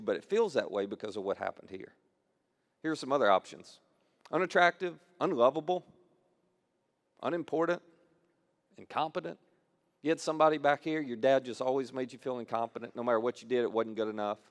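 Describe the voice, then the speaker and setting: A man preaching to his congregation in an easy, conversational way, with a voice of middling pitch. He comes back to key phrases and slips into short acted-out quotes to make his point. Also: big pitch swings, a little fast. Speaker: pastor. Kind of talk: sermon.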